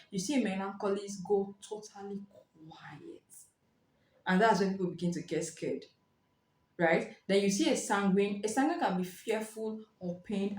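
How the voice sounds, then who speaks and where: A woman giving a casual spoken book review, explaining in a lively way and acting out short reactions. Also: mid-range voice. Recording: roomy echo.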